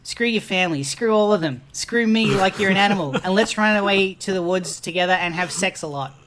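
A man's voice: high voice, a little fast, crowd noise, natural voice, poor audio. Man doing a whispering, seductive Bigfoot. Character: seductive male Bigfoot creature.

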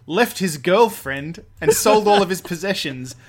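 A man's voice: high voice, animated, a little slow. A man co-hosting a casual podcast, joking, laughing often and trailing off in hesitations. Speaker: podcast co-host. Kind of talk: casual chat.

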